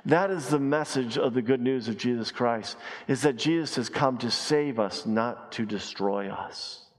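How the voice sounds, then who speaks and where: Emphatic male pastor preaching in a hall. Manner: emphatic, repeats key phrases, slows and drops low for stress. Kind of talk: sermon. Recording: long reverb of a large hall.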